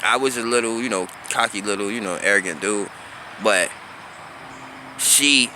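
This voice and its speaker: A man's voice: lowish voice, normal speed, noisy background. A man in his thirties from South Florida, telling a casual story about his teenage years in a loose, conversational way and often asking "you feel me?". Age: 30s. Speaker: vlogger.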